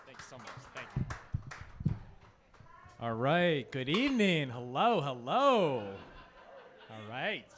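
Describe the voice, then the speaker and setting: A man's voice: medium pitch, big pitch swings, takes it slowly, long pauses, background noise. A man in his thirties from Phoenix, Arizona, performing a rambling, chatty stand-up set full of "like" fillers. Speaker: stand-up comedian.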